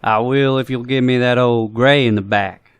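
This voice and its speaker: Wry young Southern laborer, voiced by a man, smooth tone, dry close sound. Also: medium pitch, fairly even intonation, normal speed, no echo, voice pushed up, lightly acted. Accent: American Southern. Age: 20s. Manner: wry, laid-back drawl. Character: young hardworking male farmhand, wry.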